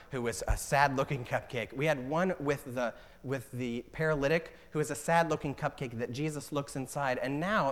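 A man preaching a sermon as pastor, earnest, slowing down to stress scripture lines. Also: medium pitch, a bit bright.

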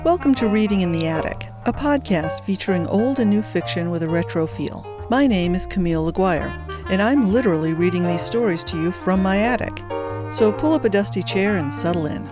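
A woman's voice: medium pitch, animated, a little fast, over music. A woman hosting a fiction podcast, chatting wryly before reading her own mystery story aloud from her attic. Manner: wry, chatty and self-deprecating. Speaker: podcast host and fiction reader. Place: home attic.

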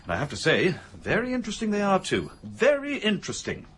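An actor playing a pompous, bumbling police inspector in a radio sitcom, stammering and hearty. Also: male voice, sits high, wildly swooping pitch, brisk, fairly bright tone, slightly rough, heavily acted. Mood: blustering. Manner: blustering, stammering, hearty laughs.

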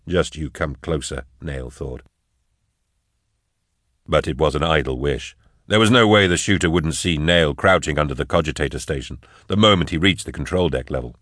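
A man reading an action story aloud in a measured, tense storytelling manner. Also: deep voice, no room sound, clean studio sound. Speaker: narrator. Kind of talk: audiobook narration.

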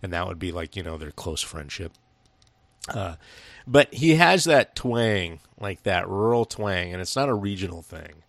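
A man with a low, gravelly voice co-hosting a podcast, telling long, profane, rambling stories in casual chat. He is from Washington state. The sound is dry and close. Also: expressive, unhurried, dry recording. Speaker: podcast co-host. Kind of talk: casual chat about a film.

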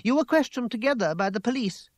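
A man reading aloud gives a passionate, imperious young woman a higher, louder, emphatic voice. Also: lively intonation, fast talker, dry recording. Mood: challenging.

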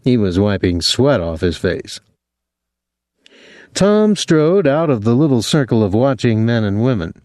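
A man's voice: mid-range voice, big pitch swings, a little slow, darkish tone, dry recording, studio quality. A man reading a novel aloud as an audiobook narrator, giving each character a voice.

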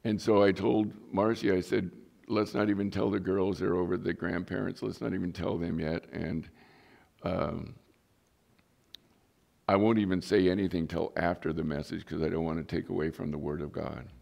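Middle-aged male pastor, low gravelly voice, earnest storytelling sermon. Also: fairly even intonation, normal speed, darkish tone. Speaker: pastor and police chaplain.

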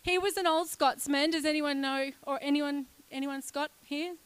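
A woman, preaching a lively, chatty sermon in a church and joking with the congregation. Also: high-pitched, moderate pace. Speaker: guest preacher.

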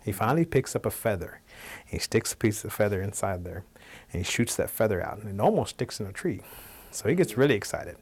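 A man tells a traditional animal tale aloud, relaxed and conversational. His voice sits fairly low. He gets animated as the story moves along. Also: a little fast, slightly rough. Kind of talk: oral folktale telling.

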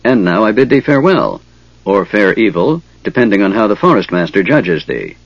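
A man voicing a gruff archaic centaur. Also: fairly low pitch, very animated, moderate pace, no room sound. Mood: solemn. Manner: gruff, old-fashioned thee and thy speech. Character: gruff male centaur, blunt archaic speech. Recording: dull lo-fi dry recording.

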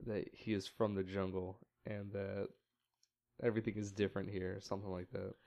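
A man in casual chat, speaking in a relaxed, measured way and filling in details. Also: fairly low pitch, gravelly.

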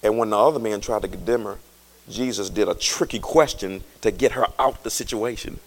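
A male pastor preaching a sermon in a colloquial, joking way, swinging from quiet talk to shouting. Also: fairly low pitch, a little fast. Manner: colloquial, jokes with the congregation.

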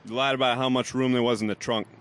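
A man putting on a New York accent, gangster, deadpan, medium voice. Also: mid-range voice, fast, slight background noise, close to an everyday voice. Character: menacing gangster-type New Yorker man.

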